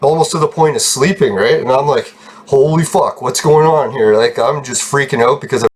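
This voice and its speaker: A man with a slightly husky voice rambles through a story for his channel. He swears constantly and talks with excited energy, laughing as he goes. His pitch sits in an ordinary middle range. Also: fairly quick. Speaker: channel host telling a story. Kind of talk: casual storytelling vlog.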